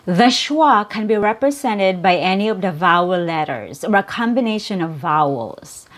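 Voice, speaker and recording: A woman teaching English pronunciation, patiently repeating and drilling each sound. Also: mid-range voice. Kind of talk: slow, careful pronunciation lesson.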